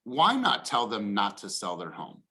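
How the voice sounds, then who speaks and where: A man's voice: on the low side, huge pitch swings, normal speed, bright, forceful tone. A man real estate coach giving a motivational talk on a call, emphatic, acting out a homeowner's reactions.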